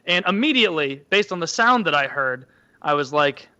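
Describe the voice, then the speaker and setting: A man casually telling a childhood story on a podcast, animated and acting out the quotes in a high voice. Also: moderate pace, highs cut off. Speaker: podcast co-host.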